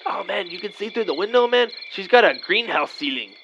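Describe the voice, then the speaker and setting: A man's voice: high voice, expressive, a little fast, a bit bright. A man in his thirties doing an improvised comedy sketch in a laid-back slacker drawl, always saying "man" and "vato". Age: 30s. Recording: dull lo-fi audio with faint night noise.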